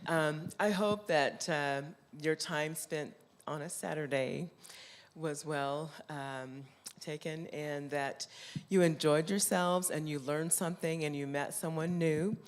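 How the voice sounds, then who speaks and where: Heartfelt, halting woman chairing a church event. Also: deep voice. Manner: halting and heartfelt, many ums. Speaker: conference chairperson. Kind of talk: closing remarks at a church event. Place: church hall.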